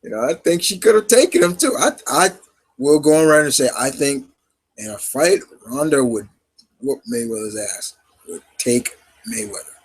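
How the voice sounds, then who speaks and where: On a roughly recorded live Q&A stream, a male host chats casually in a husky, mid-range voice. He's expressive and talks at a normal speed, rambling heavily with fillers and restarts.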